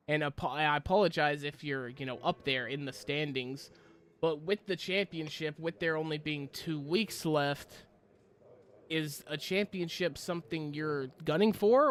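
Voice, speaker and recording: Smooth-voiced male race booth interviewer. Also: on the high side, fairly bright tone. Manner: polite, slightly halting questions.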